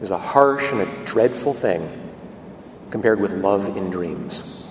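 A man voicing a holy, saintly old priest who speaks gently and gravely. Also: deep voice, lively intonation, takes it slowly, a little hiss or hum, pitched below the performer's own voice. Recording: echoey hall from a distance.

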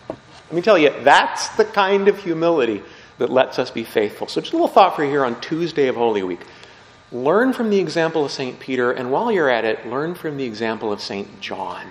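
A man's voice: sing-song, brisk, in a large hall, rough recording. A man, a priest, reads the gospel and gives a short homily, raising his voice to act out the people he quotes. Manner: acts out quoted voices with rising pitch and force.

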